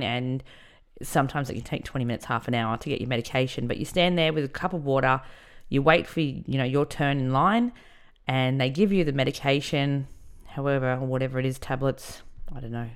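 A woman with a bass voice and a clear, resonant tone hosts a podcast. She tells a personal story candidly and conversationally, using many fillers.

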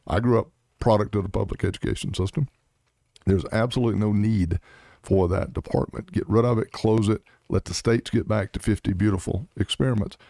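Gravelly, blunt-talking middle-aged man. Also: fairly low pitch, fairly even intonation, brisk, mellow, no room sound, studio quality. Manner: blunt, emphatic, punchy short commands. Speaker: Senate candidate guest. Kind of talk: political interview.

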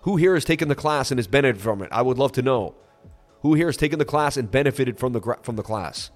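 A man of ordinary pitch hosts a trading livestream, talking loosely and emotionally. His nose is stuffy from crying, and he turns salesy and boastful. Soft music plays faintly underneath. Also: lively intonation, quick pace. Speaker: crypto trading livestream host. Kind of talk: emotional, rambling live-stream talk.

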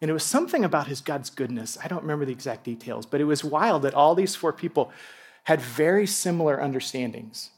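A pastor preaching to a congregation in church, telling stories with lively asides and laughter and speaking straight to the people in front of him. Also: male voice, a little high, quick pace, breathy edge. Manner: animated storytelling with asides and laughter. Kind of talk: sermon.

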